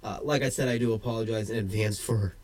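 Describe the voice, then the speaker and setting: A man co-hosting a casual podcast while getting over a head cold, chatty and quick to laugh, drifting into tangents. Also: fairly low pitch, fairly even intonation, a little mellow. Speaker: podcast co-host.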